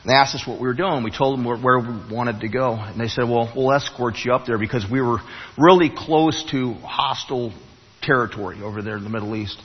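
Husky preacher in a reverberant church. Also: male voice, medium pitch. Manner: storytelling preacher, halting restarts, rising emphasis. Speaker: pastor. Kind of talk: sermon. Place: church sanctuary. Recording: muffled, long hall reverb.

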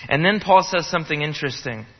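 A man's voice: on the high side, fast, husky. A man preaching a sermon, emphatic, repeating key phrases and asking rhetorical questions. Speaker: pastor. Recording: reverberant hall, dull lo-fi sound.

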